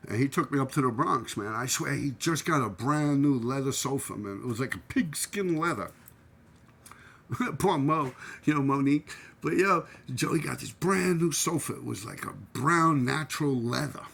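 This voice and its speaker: A man's voice: medium pitch, creaky, a bit bright, husky. A middle-aged man with a New York accent, telling casual, profane stories from his graffiti days and dotting his talk with "man" and "yo". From New York City. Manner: streetwise, profane, full of "man" and "yo", laughs at his own stories. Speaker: channel host and former graffiti writer. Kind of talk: casual storytelling.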